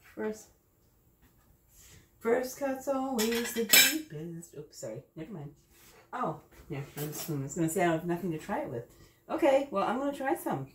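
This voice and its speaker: A woman's voice: on the low side, lively intonation, quick pace, background noise. A woman hosting a casual recipe demo, chatty and thinking aloud as she tastes her dish. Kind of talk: casual cooking demo talk. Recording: echoey kitchen. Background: clinking dishes and cutlery.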